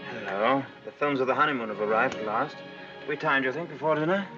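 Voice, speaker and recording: A man's voice: mid-range voice, brisk, close to an everyday voice. An actor playing a wealthy, brusque husband who teases and scolds his young wife in a 1940s film. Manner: brusque, teasing, impatient. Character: wealthy, brusque, teasing man of the house. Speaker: husband, master of the house. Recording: dull 1940s film soundtrack with faint music.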